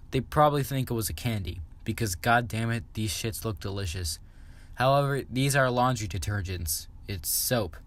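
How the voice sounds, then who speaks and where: Crude sarcastic young man reviewing memes. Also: lowish voice. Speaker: meme commentary YouTuber. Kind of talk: comedic meme review.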